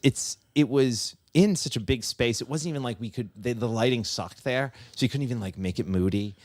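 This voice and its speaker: A man's voice: medium pitch, brisk, a little mellow, dry recording, studio quality. A man, a magician and comedian, casually telling a rambling anecdote on a podcast with lots of restarts.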